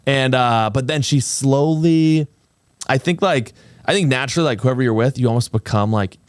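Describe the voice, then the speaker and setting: A man in his twenties hosting a podcast, chatting in an animated, playful way. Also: mid-range voice, normal speed, clear, resonant tone, no room sound. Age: 20s. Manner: animated, playful, slips into comic voices. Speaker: podcast host. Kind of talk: casual chat.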